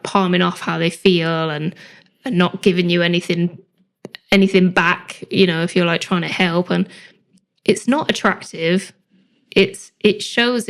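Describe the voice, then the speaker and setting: Earnest woman, lowish voice. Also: clean tone. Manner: earnest, persuasive, questioning. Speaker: podcast guest, singer and vocal coach. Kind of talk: casual podcast chat.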